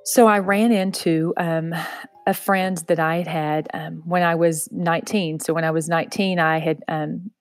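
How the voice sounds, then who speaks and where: Southern lady telling her story soft and earnest, lowish voice, says you know a lot, dry sound. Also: fairly even intonation, moderate pace, no room sound, soft background music. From Texas. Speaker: interview guest. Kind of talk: personal storytelling in conversation.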